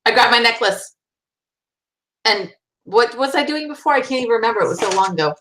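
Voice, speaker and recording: An eager woman player narrates her character's moves in a chatty way. Her voice sits high. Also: animated, brisk, fairly bright tone, a little hiss or hum, low-quality recording. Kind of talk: casual tabletop play.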